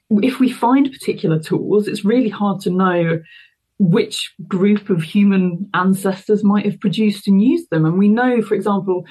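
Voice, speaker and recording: This woman is a university researcher giving thoughtful, careful explanations in an interview, full of fillers and restarts. Her mid-range voice has a darkish tone with a breathy edge, heard through a rough recording.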